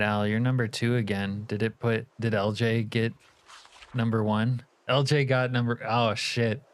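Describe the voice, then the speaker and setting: A man streaming a game live, chatting casually with his viewers in a joking, profane way. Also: lowish voice. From California. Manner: joking, profane banter with chat.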